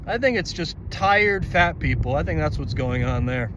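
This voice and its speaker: A man's voice: a little high, lively intonation, moderate pace, few pauses. A male comedian rambling through a casual, self-deprecating podcast monologue from inside a car. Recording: slightly muffled car recording with road hum.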